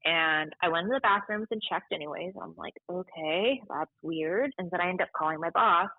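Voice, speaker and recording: Lively library staffer, a woman, slightly low voice, tinny phone-quality recording. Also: normal speed, no echo. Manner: chatty, animated, acts out quoted voices. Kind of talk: casual storytelling interview.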